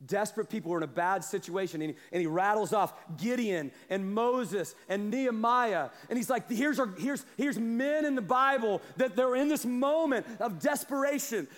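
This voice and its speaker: A man preaching a sermon as pastor, moving from quiet asides to shouted calls. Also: high voice, expressive, moderate pace, hardly any pauses. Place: church sanctuary. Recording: long hall reverb. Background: congregation responding.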